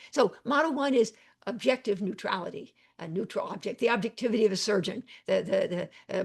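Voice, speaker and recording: Gravelly, husky woman teaching online. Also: a little high. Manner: rambling, warm thanks, repeats phrases, many fillers. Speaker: psychiatrist and webinar teacher. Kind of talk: live online teaching, reading chat questions.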